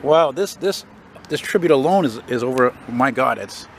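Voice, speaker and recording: A man with a French Canadian accent talks off the cuff while strolling outdoors, blunt and quick to swear. His voice sits at an ordinary middle pitch, and passing cars and street noise are clearly heard behind him. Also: animated. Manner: blunt, swears freely, grumbles about politicians. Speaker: vlogger. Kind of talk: casual walking vlog commentary. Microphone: handheld camera mic while walking. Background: passing traffic and street noise.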